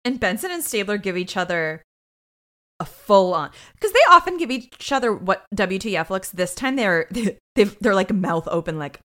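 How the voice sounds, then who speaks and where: Woman, podcast co-host, casual recap chat, jokey, very lively pitch. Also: moderate pace. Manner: lively, jokey retelling with quoted asides.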